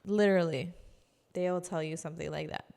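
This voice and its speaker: A woman giving casual sales training, chatty, acting out customer calls in quick voices. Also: lowish voice, steady tone, vocal fry, a little mellow, in a large hall. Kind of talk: casual instructional talk.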